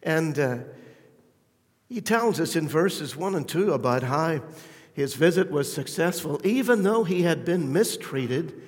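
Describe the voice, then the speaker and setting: A man preaches slowly and deliberately, his voice a little higher than most men's. He builds to fervent, emphatic peaks and then sinks back to quiet, close asides. The sound carries the long ring of a large church hall. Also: lively intonation. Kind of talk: sermon.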